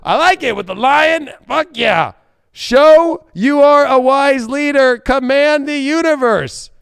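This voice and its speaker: A man giving a casual tarot reading, profane and joking, bursting into shouts and silly voices. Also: very high-pitched, takes it slowly, creaky, no echo, clean studio sound. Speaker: tarot reader.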